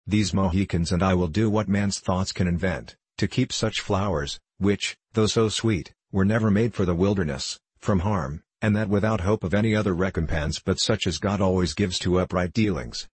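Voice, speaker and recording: A man's voice: deep voice, normal speed, hardly any pauses, husky, dry recording. A man reading aloud, voicing a grave, commanding frontier scout in an audiobook. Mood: urgent. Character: stern gruff frontier scout, older man.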